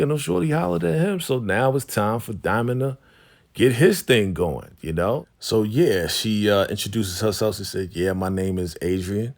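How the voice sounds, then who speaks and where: A man casually recapping a TV episode, laughing often and acting out the characters' lines. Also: lowish voice. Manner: slangy, laughs often, acts out lines in quick voices. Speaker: recap host.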